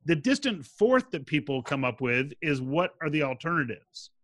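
Bright-voiced man explaining sales methods. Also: fairly high pitch, moderate pace, no room sound. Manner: animated, acts out quoted dialogue. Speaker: sales expert guest. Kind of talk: interview answers, explaining.

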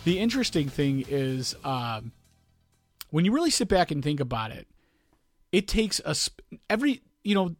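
A man's voice: a little high, very animated, normal speed, pauses often, no echo, soft background music. A man co-hosting a podcast in casual chat, rambling and often restarting his sentences while he hunts for words. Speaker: podcast co-host.

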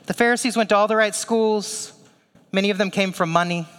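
High-voiced man preaching in a reverberant hall. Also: fairly even intonation, fairly quick, fairly bright tone, smooth. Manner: conversational preaching with asides and rhetorical questions. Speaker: pastor. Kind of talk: sermon.

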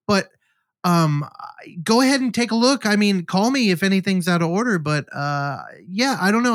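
A man's voice: high voice, a bit bright, no room sound, voice pushed up. A man voicing an evasive male burglar, stammering with nervous, overpolite manners. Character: smooth evasive male burglar caught in the act.

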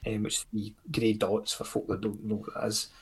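Gravelly, husky Scottish man chatting. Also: fairly low pitch, level tone, moderate pace. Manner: rambling and self-critical, with many fillers and casual swearing. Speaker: comics creator guest. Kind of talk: casual podcast chat.

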